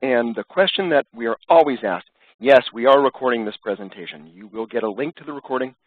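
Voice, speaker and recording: A man's voice: mid-range voice, fairly quick, dry recording. A man with a head cold presents a business webcast in an upbeat way, with many fillers. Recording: dry, tinny phone-line audio.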